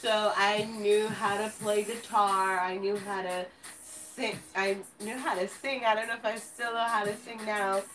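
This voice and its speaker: Slow-talking woman, a bit off-mic. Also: medium pitch, fairly even intonation, fairly bright tone, recorded from a distance, rough recording. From California. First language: Spanish. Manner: rambling, giggly, self-teasing. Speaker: host. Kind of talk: casual live-stream chat.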